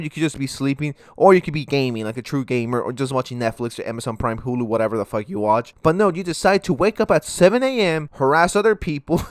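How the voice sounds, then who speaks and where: A man's voice: mid-range voice, no room sound, clean studio sound. Sarcastic young man ranting in his room. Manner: sarcastic, ranting, swears freely. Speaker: commentary YouTuber. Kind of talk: reaction commentary vlog.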